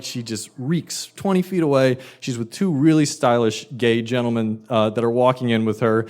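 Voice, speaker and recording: A man telling a funny personal story live, animated and wry, building comic tension. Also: mid-range voice.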